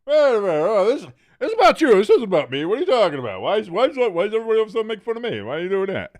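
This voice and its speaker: A man's voice: sits high, sing-song, rapid-fire, voice pushed up. A man putting on a mocking impression of a touchy adult man who complains indignantly when teased. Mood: indignant mockery. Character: touchy adult man mocked as thin-skinned.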